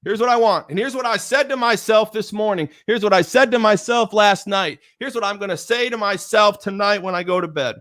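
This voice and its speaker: Bright high-voiced motivational man. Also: a little fast, few pauses. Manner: energetic, repetitive pep-talk chants. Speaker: motivational speaker. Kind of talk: motivational video talk.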